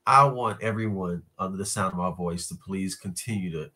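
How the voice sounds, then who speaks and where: A man, chatting as a guest in an interview, relaxed and pausing with fillers. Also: low voice. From North Carolina, USA. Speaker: guest musician. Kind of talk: casual interview chat.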